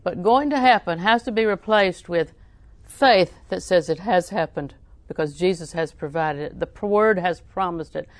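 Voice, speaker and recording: A woman's voice: on the low side, normal speed, few pauses, dry recording. Woman preaching with folksy laughter. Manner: folksy storytelling with frequent laughs; emphatic repetition of scripture. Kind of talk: sermon.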